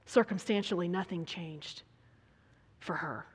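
A woman preaching a sermon, dramatic and swinging between hushed whispers and loud emphasis. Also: medium pitch, a little slow, pauses often, husky. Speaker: speaker preaching to a women's gathering. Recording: long reverb of a large hall.

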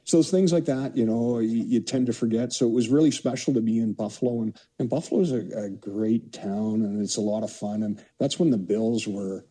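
A Canadian former hockey player in his sixties, appearing as a podcast guest, tells rambling anecdotes sprinkled with "you know." His lowish voice is dark and husky, moving briskly with few pauses, and the recording is low quality.

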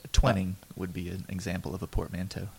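Low, gravelly man with dry corrections. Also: monotone, quick pace, a little mellow. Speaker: podcast co-host. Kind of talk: casual chat.

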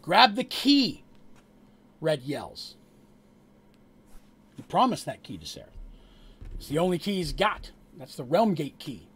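A man narrating a tabletop game as game master, telling the story with animated asides to the players. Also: fairly high pitch, measured pace, pauses often, breathy edge.

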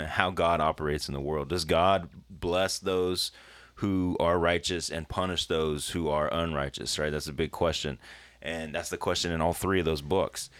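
A man with a very low, deep voice talks with a co-host on a church podcast. He is earnest, warms into animated stretches and laughs easily. The sound is dry and close, with no room around it. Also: no room sound. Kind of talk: casual conversational podcast.

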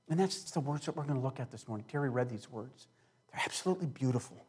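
A male pastor preaching a sermon with emphasis, slowing down and repeating key words. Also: slightly rough. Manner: emphatic preaching with big swings in loudness and pitch.

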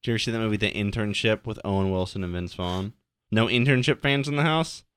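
A man's voice: fairly low pitch, fast, a bit bright, clear, resonant tone, dry recording, clean studio sound. A man co-hosting a podcast, chatting casually over a movie and tossing out absurd joking one-liners. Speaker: podcast co-host.

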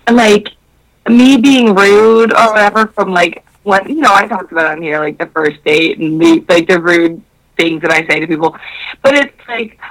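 A woman in casual podcast chat, loud and profane, retelling a date with many fillers and acting out both sides of the conversation. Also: mid-range voice, moderate pace, rough recording. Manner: animated storytelling that acts out both sides of a conversation.

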